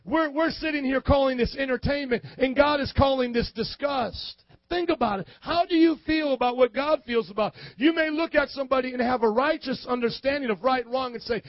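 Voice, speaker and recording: A pastor preaching a sermon, impassioned and rising at times into shouts. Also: male voice, extremely high pitch, no echo, dull audio.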